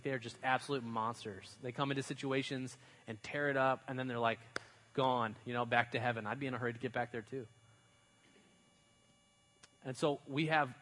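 A male pastor giving a relaxed, conversational sermon. He talks like a friend explaining a story, with slang and loose, chatty phrasing. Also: mid-range voice, low-quality recording. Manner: chatty, uses slang and fillers, dramatizes stories.

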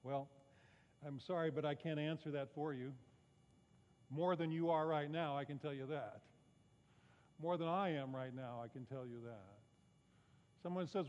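High-pitched guy preaching in church, chatty, asks the room questions, muffled sound with lots of hall echo. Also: moderate pace, long pauses, a little mellow. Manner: conversational preaching with rhetorical questions and self-deprecating asides. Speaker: pastor. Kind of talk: sermon. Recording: muffled sound with long reverb in a large hall.

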